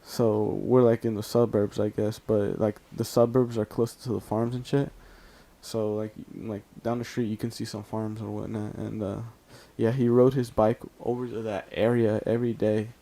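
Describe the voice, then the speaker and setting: A man's voice: fairly low pitch, little pitch movement, normal speed, gravelly, warm tone. A man from California casually telling a story over gameplay, rambling with lots of fillers and swearing. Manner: rambling and profane, heavy use of "like". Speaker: storytime YouTuber.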